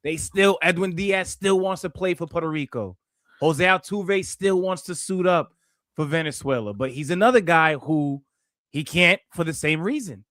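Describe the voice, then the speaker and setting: A man's voice: on the high side, normal speed, fairly bright tone, dry recording, clean studio sound. A man co-hosting a casual sports podcast, chatty, asking questions and laughing often. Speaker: podcast co-host.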